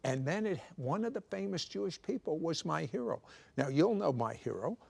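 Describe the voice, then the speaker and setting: A man with a gravelly, somewhat high voice tells his life story in a conversational interview. He is animated and slips teasing jokes in between the serious parts. He speaks into a clip-on mic in a studio. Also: normal speed. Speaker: guest telling his testimony. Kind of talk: conversational testimony. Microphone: clip-on microphone.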